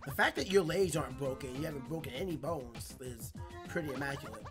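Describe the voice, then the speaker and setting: A man hosting a let's play, chatting casually about the game, reacting loudly and reading its text aloud. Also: medium pitch, lively intonation, fast, over music. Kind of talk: casual gameplay commentary.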